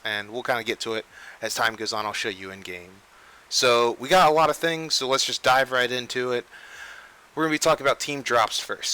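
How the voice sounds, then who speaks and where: The young male host of this casual game news chat has a medium-pitched voice that is clear, resonant, bright, and pushed, though the audio is poor. Unscripted, he wanders through topics with frequent restarts and self-corrections.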